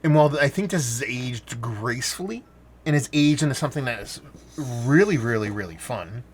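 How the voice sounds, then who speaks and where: A man's voice: medium pitch, animated, normal speed, a little hiss or hum. Rambling man reviewing beer. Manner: rambling, stops and restarts, casual swearing. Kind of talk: casual review monologue. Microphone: standalone mic.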